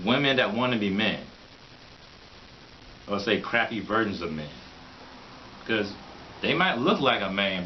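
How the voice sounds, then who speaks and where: Man ranting with mocking laughs, lo-fi hiss. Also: on the low side. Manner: rambling, mocking, laughs often. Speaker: vlogger. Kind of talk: opinionated monologue. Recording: dull lo-fi recording with faint hiss.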